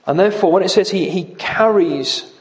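A man preaching an expository sermon, slowing down to stress quoted scripture and repeating key words for emphasis. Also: sits high.

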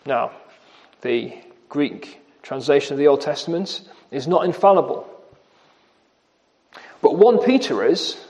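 A man preaching an expository sermon, slowing down to stress quoted scripture and repeating key words for emphasis. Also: on the high side, animated, darkish tone.

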